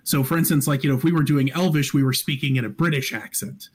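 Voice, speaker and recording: A man's voice: mid-range voice, fast, breathy edge. A man, a podcast guest, chatting casually about tabletop games, telling stories with lots of fillers. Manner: animated, anecdotal, filler-heavy. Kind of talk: casual chat.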